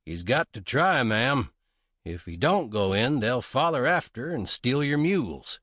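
A man's voice: mid-range voice, sing-song, unhurried, fairly bright tone, no echo. Man doing a drawling, sly gunman. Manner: drawling, dry, cocky. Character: laconic sly frontier gunman, male adult.

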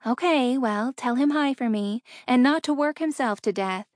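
A woman's voice: sits high, moderate pace, no room sound, clean studio sound, voice pushed up, natural voice. A woman voicing a caring middle-aged mother who speaks tenderly and reassuringly in an audiobook reading.

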